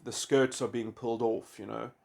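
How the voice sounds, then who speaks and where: A man giving a rambling philosophical monologue, halting often and filling gaps with restarts. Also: mid-range voice, flat delivery, creaky, darkish tone. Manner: halting, full of restarts and "you know". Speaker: video essayist.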